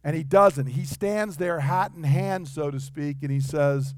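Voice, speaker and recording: A man preaching a sermon, animated, acting out the people in the story with changing voices. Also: on the high side, measured pace, hardly any pauses, dry recording, studio quality. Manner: animated, acts out quotes in varied voices.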